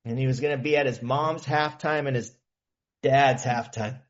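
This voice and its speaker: A man's voice: mid-range voice, steady tone, normal speed, muffled recording. A man from California sharing his recovery story as a meeting speaker, in an earnest, casual storytelling manner with slang. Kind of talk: personal testimony talk. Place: meeting hall.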